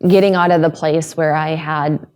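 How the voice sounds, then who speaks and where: A woman's voice: low voice, fairly even intonation, moderate pace, a little mellow, clear, resonant tone. A woman hosting a podcast, talking earnestly and emotionally about her own story, with hesitant restarts. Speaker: podcast host. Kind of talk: candid podcast conversation.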